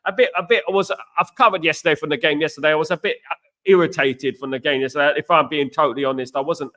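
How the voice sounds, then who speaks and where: Bright-voiced chatty man. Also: on the high side. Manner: chatty, greets viewers by name, frequent "you know what". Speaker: fan channel host. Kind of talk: live-stream chat reaction.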